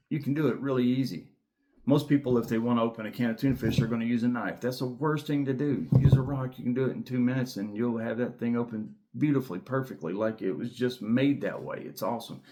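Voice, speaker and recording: A man's voice: lowish voice, a little mellow. A man in his thirties hosting his own knife channel, talking casually to camera in a rambling, enthusiastic way with lots of fillers and repeated words. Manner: repeats key words for emphasis. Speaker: knife reviewer and channel host.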